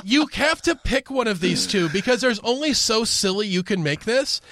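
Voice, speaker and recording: A man co-hosting a casual podcast chat, animated and joking, acting out quoted lines. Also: high-pitched, normal speed. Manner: animated, acts out quoted lines in funny voices. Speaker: podcast co-host.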